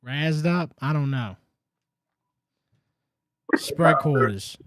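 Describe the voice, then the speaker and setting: A man's voice: on the high side, animated, drawn-out words, a bit bright, slight background noise. Blunt, profane male radio host. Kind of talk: call-in sports talk show.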